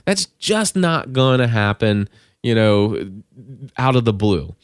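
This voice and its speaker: A man's voice: lowish voice, sing-song, takes it slowly, clean tone, no room sound, studio quality. A middle-aged man hosting a podcast, giving casual advice in a rambling way, with frequent restarts and bursts of emphasis. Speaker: podcast host and coach.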